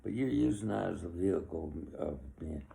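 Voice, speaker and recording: A man's voice: deep voice, moderate pace, gravelly, mellow. A man in his sixties giving an opinionated, rambling monologue, with chuckles between his complaints. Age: 60s.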